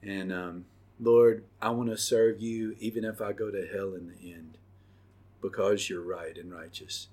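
A middle-aged man hosting a podcast and telling his personal testimony, earnest and halting, with many pauses and fillers. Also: fairly low pitch, fairly even intonation, darkish tone, breathy edge. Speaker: podcast host.

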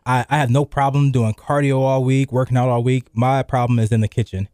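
A man's voice: medium pitch, flat delivery, brisk, dark tone, clear, resonant tone, no room sound, studio quality. A middle-aged man hosting a sports radio show, chatting loosely with lots of fillers. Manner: loose and rambling, many fillers. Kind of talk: casual sports radio chat. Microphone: studio microphone.

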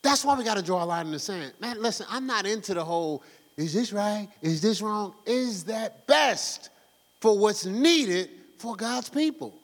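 A fervent male pastor preaching in a high, very animated voice, slangy and conversational as he exhorts his congregation. His voice rings in an echoey church hall. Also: normal speed. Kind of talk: sermon.

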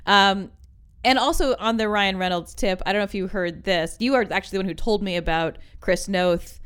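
A woman co-hosting a podcast in casual chat, quick to joke. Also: medium pitch, fairly bright tone, smooth. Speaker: podcast co-host.

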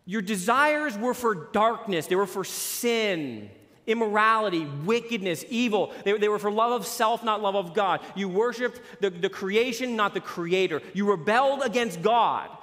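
A man in his forties preaching a sermon as pastor, animated and joking, telling stories and sports analogies. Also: high-pitched, moderate pace. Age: 40s. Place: church sanctuary. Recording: long reverb of a large hall.

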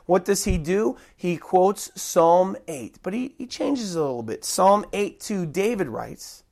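A preacher giving a sermon, emphatic, slowing down to stress key phrases. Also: mid-range voice, lively intonation, gravelly, a little mellow. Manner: emphatic, shifting pace with slow stressed phrases.

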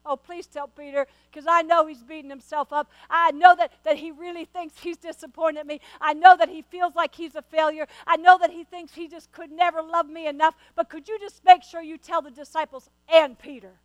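A woman preacher voicing a gentle, forgiving male teacher, speaking in a tender, reassuring way. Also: very high-pitched, fairly even intonation, normal speed, hardly any pauses, no echo, lo-fi sound.

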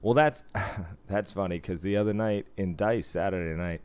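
A man's voice: sits low, normal speed, hardly any pauses, darkish tone, smooth. A man chatting casually as a casino dealer, telling loose, profane work stories and chuckling often. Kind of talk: casual podcast chat.

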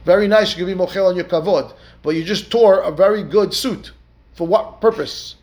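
A man's voice: high-pitched, fairly quick, darkish tone, slight background noise. A rabbi teaching a Talmud study lesson. He reads Aramaic and Hebrew text aloud, then explains it step by step with rhetorical questions and a frequent "right?". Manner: keeps checking in with "right?".

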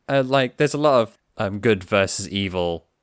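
Male podcast co-host, low voice with big swings, dry close sound, joking banter. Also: normal speed, clear, resonant tone, no echo. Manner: animated, swearing, jokey. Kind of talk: casual banter.

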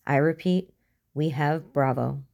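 A woman's voice: low voice, a little slow, gravelly, darkish tone. A woman voicing a tough, blunt female squad commander who speaks in curt orders. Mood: commanding.

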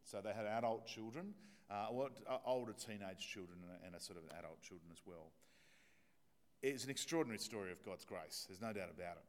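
A man with a lowish voice and an Australian accent speaks briskly in church. As a pastor giving an evening sermon with a prayer, he tells stories in a conversational, self-deprecating way, using many fillers.

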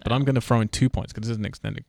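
A man's voice: lowish voice, fairly even intonation, very fast, creaky, a little mellow, dry recording, studio quality. A man hosting a casual podcast and running a trivia quiz, teasing his guests and swearing casually. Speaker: podcast host. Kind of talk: casual podcast chat, quizmaster.

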